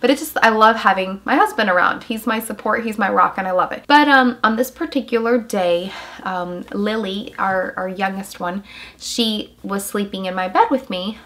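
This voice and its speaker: A young woman vlogging as a mother, telling a personal story in an emotional, halting way with many fillers. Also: mid-range voice, a bit bright. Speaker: mom vlogger.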